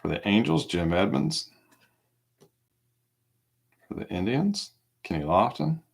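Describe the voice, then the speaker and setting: Card break host, male, very low gravelly voice, slow and unhurried. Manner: relaxed, reads off cards with small asides. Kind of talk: casual live card-break commentary.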